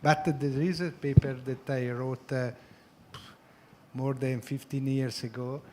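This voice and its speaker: Halting male surgeon on a panel. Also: mid-range voice, fairly even intonation, darkish tone, a little hiss or hum. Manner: halting, many pauses and fillers. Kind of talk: panel discussion.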